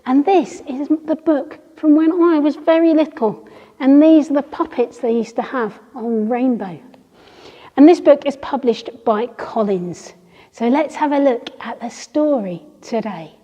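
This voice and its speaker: Slow, high-voiced woman leading toddlers. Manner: bright, coaxing, talks to small children. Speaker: toddler group leader. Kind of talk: leading a children's song and story session. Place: church hall. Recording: dull sound with long hall reverb.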